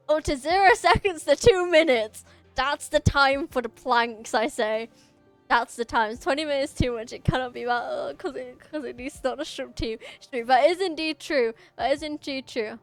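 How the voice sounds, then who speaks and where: Chatty high-voiced British woman. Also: dry recording. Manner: chatty, jokey, frequent restarts. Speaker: game streamer. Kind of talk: casual live-stream chat.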